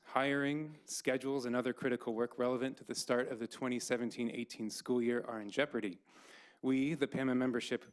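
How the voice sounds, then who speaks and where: Principal guy reading his prepared remarks at a board meeting, calm, formal. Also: medium pitch. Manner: measured, formal, reading from notes. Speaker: elementary school principal. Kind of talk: prepared statement read aloud. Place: school board meeting room.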